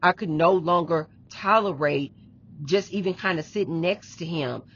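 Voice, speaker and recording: A woman's voice: on the low side, moderate pace, breathy edge, dull audio. A woman vlogger telling a personal story in casual, emphatic speech, repeating herself and addressing her viewers directly. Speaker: relationship advice vlogger.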